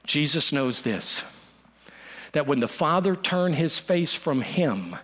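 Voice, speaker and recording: Man preaching, high voice, hushed then urgent, repeats lines for emphasis. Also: animated, takes it slowly. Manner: preaching with dramatic dips to a hush and rises to urgency. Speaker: pastor. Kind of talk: sermon.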